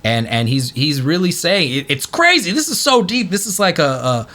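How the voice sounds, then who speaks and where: A man talks through ancient texts in a loose, chatty podcast. His voice is bright and fairly high. He swings between excited peaks and quieter asides, often jumping into loud acted-out quotes. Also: moderate pace. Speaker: podcast host. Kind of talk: casual chat.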